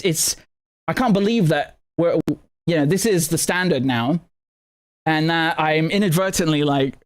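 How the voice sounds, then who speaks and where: A man hosting a live news commentary, talking indignantly with many stammered restarts and rhetorical questions. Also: on the high side. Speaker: political commentator and host.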